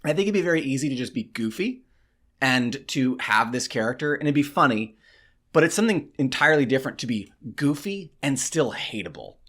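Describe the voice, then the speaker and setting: A man's voice: medium pitch, very animated, fairly quick, a bit bright. A man co-hosting a movie review, talking enthusiastically and emphatically in a casual chat.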